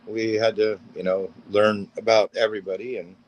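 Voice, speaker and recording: A man's voice: lowish voice, flat delivery, normal speed, slight background noise, rough recording. A middle-aged man, a paranormal gear builder, telling rambling anecdotes as a guest on a video call and acting out each line of dialogue. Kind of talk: casual storytelling interview.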